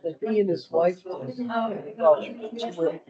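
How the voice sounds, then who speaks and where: A friendly woman makes small talk at a public hearing. Her voice sits at a medium pitch and she is talkative. Other people chatter audibly around her, and the recording is muffled. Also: measured pace. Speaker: hearing attendee. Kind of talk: casual chat.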